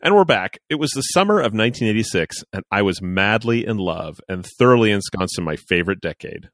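A man's voice: on the low side, brisk, dry recording, studio quality. A man co-hosting a podcast, reading a listener's letter aloud with jokey asides. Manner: animated, jokey, reads aloud with playful asides. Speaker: podcast co-host.

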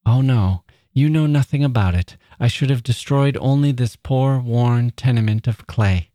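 A man voicing a frail, proud woman writer who speaks humbly and gently but will not yield. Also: medium pitch, moderate pace, no echo, clean studio sound, close to an everyday voice. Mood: gentle, earnest.

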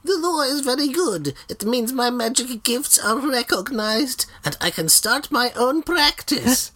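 A man voicing an indignant female witch in a comedy podcast, putting on a shrill, exaggerated voice of protest. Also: expressive, unhurried, fairly bright tone, exaggerated voice. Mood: pleased.

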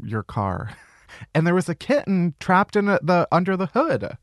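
A man's voice: sits high, moderate pace, no room sound. A man hosting a comedy podcast in a studio, ranting sarcastically and swearing a lot. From Chicago area. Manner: sarcastic, profane, animated ranting. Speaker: podcast host.

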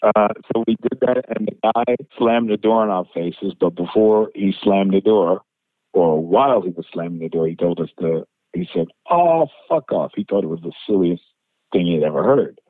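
A male musician being interviewed, telling anecdotes in an animated way, laughing and acting out what people said. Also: low-pitched, moderate pace, no room sound. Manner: animated storyteller, laughs, acts out quotes. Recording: tinny phone-like interview line.

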